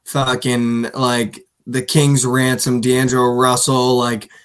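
A man co-hosting a sports podcast in casual, animated chat, swearing freely and mimicking players. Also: medium pitch, takes it slowly, clear, resonant tone. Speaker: podcast co-host.

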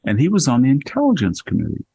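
A man's voice: mid-range voice, wildly swooping pitch, fast talker, vocal fry, mellow, breathy edge. An older man, a guest in a casual conversation, telling a rambling, wry anecdote.

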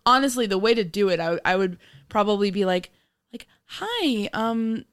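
A woman's voice: medium pitch, fast talker, smooth, no room sound, studio quality. A young woman co-hosting a casual movie chat, playful and laughing often. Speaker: podcast co-host.

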